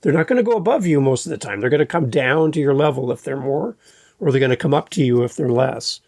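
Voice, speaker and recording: A man hosting a podcast, talking in a relaxed, unhurried, conversational way. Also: medium pitch, gravelly, no echo, studio quality. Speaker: podcast host. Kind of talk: casual chat. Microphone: podcast microphone.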